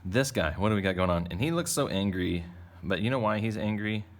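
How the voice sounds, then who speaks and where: A man's voice: lowish voice, brisk. A man teaching a drawing lesson for kids, talking in a playful, rambling, jokey way as he draws. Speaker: art teacher.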